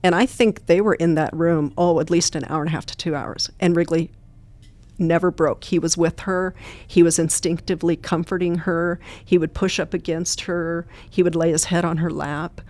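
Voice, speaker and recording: Low-voiced woman telling stories. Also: fairly even intonation, normal speed, darkish tone. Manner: earnest, plain-spoken anecdotes. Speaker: guest, therapy dog trainer. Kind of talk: storytelling interview answers.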